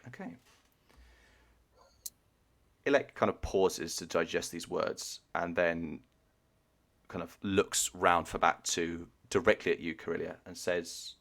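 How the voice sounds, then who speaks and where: A man running a tabletop game as game master, narrating in a halting way full of fillers over a video call. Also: sits low, fairly even intonation, vocal fry, fairly bright tone.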